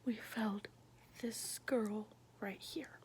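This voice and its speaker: A young woman whispering a personal story in a soft, halting, intimate hush. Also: mid-range voice, steady tone, slight background noise. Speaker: vlogger sharing her past.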